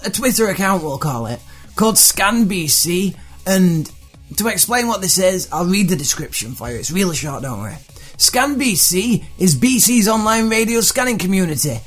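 A man's voice: high-pitched, a bit bright. A man hosting a comedy podcast, sarcastic and profane as he mocks odd news stories. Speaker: podcast host.

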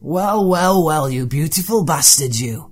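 A man's voice: fairly high pitch, lively intonation, unhurried, slightly rough, soft background music. A man hosting a comedy podcast, sarcastic and profane as he mocks odd news stories. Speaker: podcast host.

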